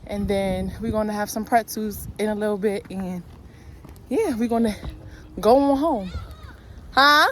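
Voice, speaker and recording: Chatty mom vlogging outdoors, noisy. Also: female voice, medium pitch, measured pace, long pauses, a bit bright. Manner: chatty, narrating while walking with her kids. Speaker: vlogger mother. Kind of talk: casual vlog narration. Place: outdoor nature trail. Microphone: handheld camera.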